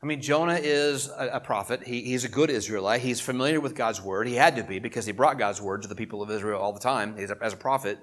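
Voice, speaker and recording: Middle-aged male pastor, conversational sermon delivery, punches key points then drops low for asides. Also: quick pace, few pauses. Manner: conversational preaching with emphatic swells and quiet asides.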